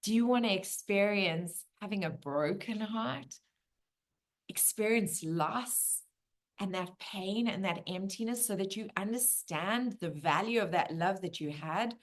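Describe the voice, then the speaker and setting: A woman voicing the universe as a calm male presence who poses sweeping, inviting questions. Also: medium pitch, a little slow, lightly acted. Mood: grave.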